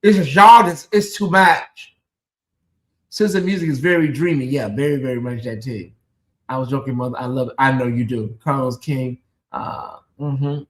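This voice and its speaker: A channel host doing live reaction commentary with a sassy, gossipy way of talking, calling viewers "girl" and "honey" and swinging between loud exclaims and low asides. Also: normal speed.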